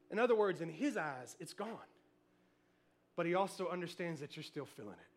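This pastor's voice sits high and moves at a normal speed as he preaches. He tells family stories with animated energy, cheering loudly and then softening.

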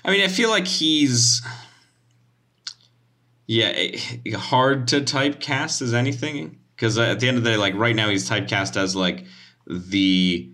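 A man's voice: medium pitch, a little slow, bright, forceful tone. A man chatting casually, rambling and trailing off as he talks. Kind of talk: casual chat.

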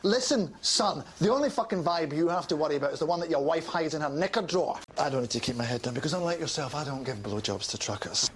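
An actor plays a foul-mouthed Scottish spin doctor in a TV comedy who turns every sentence into a savage, inventive threat. His voice sits a little high for a man, and faint noise hums behind him. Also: animated, quick pace, few pauses, close to an everyday voice. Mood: scathing. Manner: savage, inventive profane rants. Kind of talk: TV comedy acting.

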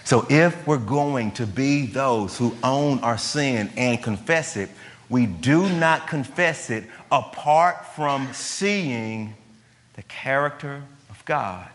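A man's voice: medium pitch, expressive, slow pace. A man preaching a sermon, emphatic and conversational, asking his listeners questions. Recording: long hall reverb.

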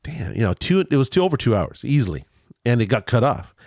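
A man's voice: mid-range voice, big pitch swings, fast talker, darkish tone, dry recording, clean studio sound. A man hosting a podcast in casual chat, sounding congested and nasal, rambling and restarting his sentences. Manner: rambling, repeats words, restarts often. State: congested, stuffy nose. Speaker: podcast host.

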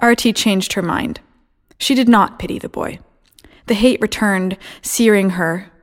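List: woman, audiobook narrator, measured, steady, mid-pitched voice.

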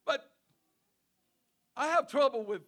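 A male preacher delivering a sermon in a halting way, often repeating words and restarting, with chuckles between phrases. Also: very high-pitched, animated, sharp tone.

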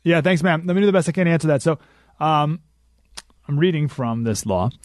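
A man hosting a political talk radio show, emphatic and animated, repeating points for effect, in a studio. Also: on the high side, brisk, dry recording. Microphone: studio microphone.

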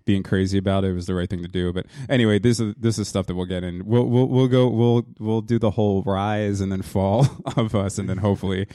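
Co-hosting a podcast from his parents' home music studio, a thirtysomething man from New Jersey speaks in a lowish, warm voice with fairly even intonation. His talk rambles and halts, full of restarts and frequent laughter. The small-studio podcast mic picks up no room sound.

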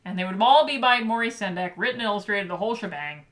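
A woman's voice: mid-range voice, quick pace, fairly bright tone. A woman co-hosting a podcast, chatting animatedly about a children's picture book and laughing often. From Michigan. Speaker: podcast co-host.

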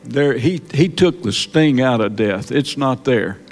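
A man preaching a sermon in church, halting and repeating words, then building to emphatic peaks. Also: mid-range voice, expressive. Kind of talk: sermon testimony.

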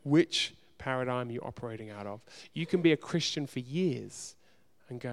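A man preaching a sermon, speaking earnestly and directly to his congregation, swinging from loud urgency to soft hushed moments. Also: mid-range voice, expressive, moderate pace, hardly any pauses. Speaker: pastor.

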